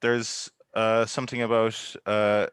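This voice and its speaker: A man's voice: lowish voice, flat delivery, a little slow, fairly bright tone, smooth, no room sound. A man, a comedian contestant on a game show, rambling through anecdotes full of fillers and restarts. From Ireland. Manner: rambling, filler-heavy storytelling. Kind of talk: casual comedic banter.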